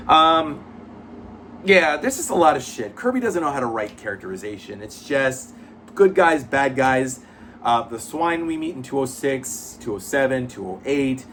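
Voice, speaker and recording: Guy ranting about comics, swears a lot, rambly, mid-pitched voice, faint hiss behind. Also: fairly bright tone. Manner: blunt, profane, rambling. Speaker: comic book reviewer. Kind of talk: casual chat.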